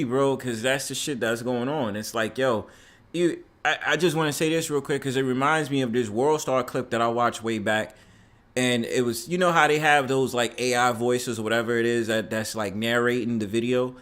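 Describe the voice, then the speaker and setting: Excitable man. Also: mid-range voice, normal speed. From New York. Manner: excitable storyteller, swearing freely. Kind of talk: casual panel chat.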